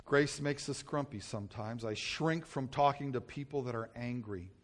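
A man's voice: medium pitch, normal speed. A middle-aged male pastor preaching a sermon, telling stories about himself and mocking himself as he goes. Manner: storytelling, self-mocking, acts out his own yelling.

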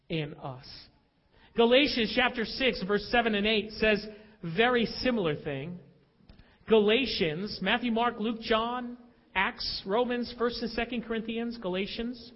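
A man preaching a sermon, animated and dramatic as he tells stories to a church. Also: extremely high pitch. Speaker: pastor. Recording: dull audio with long hall reverb.

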